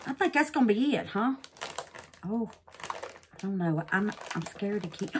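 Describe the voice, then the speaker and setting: A woman's voice: medium pitch, lively intonation, normal speed, background noise. A woman chats through a resin craft demo, exclaiming and calling her viewers babies. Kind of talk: casual craft demo chat.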